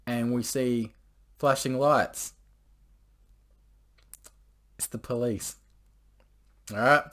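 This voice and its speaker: A man's voice: medium pitch, fairly even intonation, very slow, fairly bright tone. A young man casually telling a story to camera, rambling and crude, full of swearing and filler words. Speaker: vlogger.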